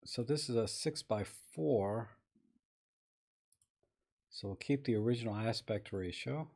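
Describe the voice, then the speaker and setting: A man's voice: mid-range voice, a little slow, creaky, a little mellow, breathy edge. Chatty man editing photos live. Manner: chatty, thinking aloud, greets viewers while working. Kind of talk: casual live-stream commentary.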